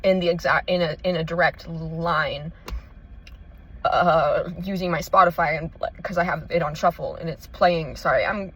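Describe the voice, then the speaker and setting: A woman's voice: deep voice, normal speed, a little hiss or hum, rough recording. A woman talking in a casual confessional vlog, emotional and rambling, swearing freely as she searches for words. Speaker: vlogger.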